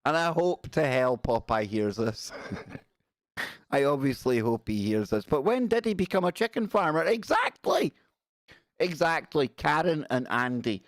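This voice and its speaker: A man in his forties hosts a casual live stream, rambling and joking as he reads out viewer messages. His mid-range voice has a lively intonation at a normal speed, captured in clean, dry studio sound.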